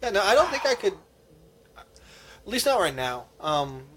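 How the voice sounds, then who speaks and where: Bright, tense-voiced man rambling earnestly. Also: sits high, sing-song, moderate pace, slight background noise. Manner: earnest, rambling personal storytelling. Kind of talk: casual chat.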